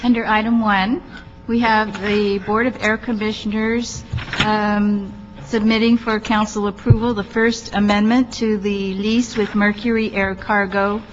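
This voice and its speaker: A woman's voice: mid-range voice, little pitch movement, a little slow, faint music behind. A woman serving as legislative analyst, formally reading out an agenda item in a matter-of-fact way. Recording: dull reverberant chamber with faint hum.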